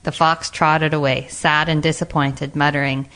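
Brief: woman storyteller, slightly low voice, even storybook narration. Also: normal speed, few pauses. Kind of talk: storybook reading aloud.

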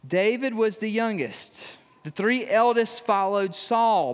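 A man's voice: high-pitched, big-room sound. A man preaching a sermon. He reads scripture aloud, then explains it in a conversational way with touches of humor. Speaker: pastor.

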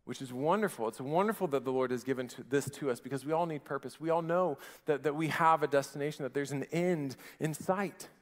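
A man in his thirties preaching a sermon in a relaxed, conversational way, often restarting his phrases and dropping in fillers. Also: a little high, fairly quick, hardly any pauses, big-room sound. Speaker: pastor.

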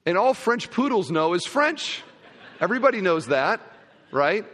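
A male pastor preaching a sermon, telling a humorous story in a conversational, animated way. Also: high voice, moderate pace. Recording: long hall reverb.

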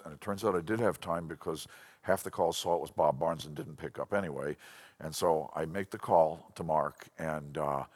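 A man giving a sermon-style Bible lesson, animated and storytelling, often restarting his sentences. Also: low-pitched. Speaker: Bible teacher.

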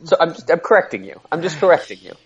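A man's voice: a little high, very animated, racing, highs cut off. A man co-hosting a podcast in casual political chat, dry and teasing, correcting his co-host.

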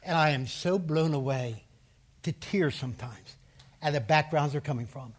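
A male preacher and seminary teacher giving a sermon, stressing points by repeating them and asking the audience to say verses out loud. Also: fairly high pitch, normal speed. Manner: emphatic, repeats key phrases, has the audience say verses aloud.

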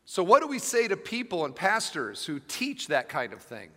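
A man's voice: high-pitched, huge pitch swings, moderate pace, pushed and bright, in a large hall. A male pastor preaching a sermon, telling a story with emphatic, humorous asides to his congregation. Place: church sanctuary with live audience.

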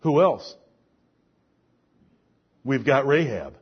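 Husky guy preaching, lots of questions at the crowd, muffled lo-fi sound. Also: animated, very slow. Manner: rhetorical questions, swings from soft to loud and high. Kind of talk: sermon.

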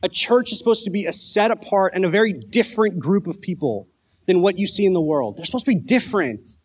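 A man's voice: sits high, animated, fast, husky. A man preaching a casual youth sermon, joking and asking his listeners questions. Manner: casual, conversational preaching with jokes and questions to the audience. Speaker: youth pastor.

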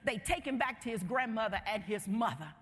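A woman's voice: on the high side, animated, a little fast, husky. A woman preacher delivering a sermon in an emphatic, rhythmic way, heard in a hall with long reverb.

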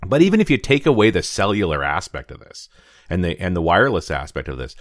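A lower-pitched man co-hosting a tech show, his delivery rising and falling with lively energy. He talks casually and reads listener letters out. The sound is dry and close. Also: quick pace, no echo. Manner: animated, reads listener email aloud. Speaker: co-host. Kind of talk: casual podcast chat.

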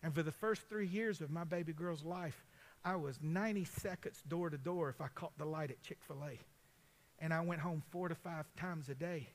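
High-voiced pastor telling stories. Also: male voice, normal speed. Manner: folksy, conversational, addresses congregation directly. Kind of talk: storytelling sermon.

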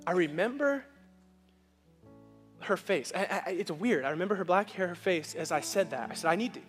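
A male pastor preaching a sermon and telling a personal story. He moves between loud, animated passages and hushed, emotional ones. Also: sits high, normal speed. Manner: animated, swings from shouting to hushed. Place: church sanctuary. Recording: church hall with long reverb, faint music.

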